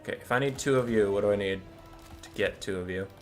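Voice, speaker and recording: A man's voice: lowish voice, fast, darkish tone, faint music behind. A young man who says he feels sick, chatting casually with viewers while he sets up a strategy game, rambling and cooing over pet photos. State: sick, stuffy. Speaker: streamer. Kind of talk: casual gameplay chat with viewers.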